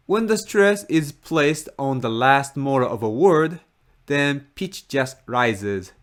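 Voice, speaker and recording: A man with a Japanese accent who speaks Japanese as his first language, explaining a language point in a careful teaching manner and repeating example words slowly. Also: mid-range voice, expressive. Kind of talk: slow, careful lesson explanation.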